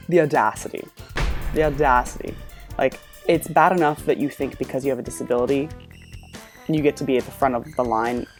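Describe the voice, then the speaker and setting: A woman's voice: deep voice, darkish tone. A woman hosting a reaction video, ranting with plenty of swearing and exasperation. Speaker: host.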